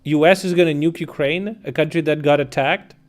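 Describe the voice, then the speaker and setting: Blunt, mocking male streamer, higher voice. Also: fairly even intonation, brisk. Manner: blunt, swearing, mocking, incredulous. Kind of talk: casual live-stream chat reading viewers' comments.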